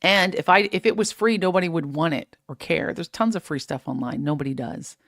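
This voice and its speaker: A woman hosting a live fitness stream, giving energetic, preachy, faith-based motivation and reading out viewer comments. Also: sits low, a little fast, no room sound, studio quality. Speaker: host of a live fitness show.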